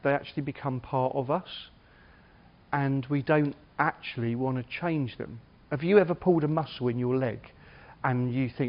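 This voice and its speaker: Chatty middle-aged English minister. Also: male voice, medium pitch, muffled recording. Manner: chatty and humorous, playing out stories. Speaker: lead minister. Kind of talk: short sermon.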